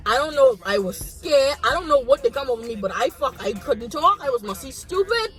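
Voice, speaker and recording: A woman's voice: high voice, brisk, faint music behind. Bahamian woman telling a frank story. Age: young adult. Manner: frank, animated, acts out her own reactions. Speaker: vlogger. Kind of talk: casual storytime.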